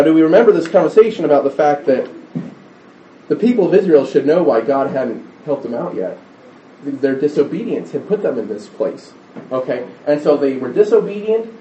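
Man, middle-aged preacher, conversational sermon, mellow tone, slightly higher voice, echoey church hall. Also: far from the mic, highs cut off, slight background noise. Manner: conversational, rambling with restarts and acted-out quotes.

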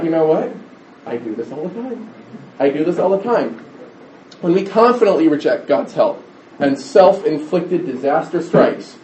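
A middle-aged man gives a chatty, rambling sermon in a mellow voice, often restarting and acting out little quotes. He sounds distant from the mic, caught in a roomy hall on a dull, lo-fi recording. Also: on the high side, a little hiss or hum. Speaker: preacher.

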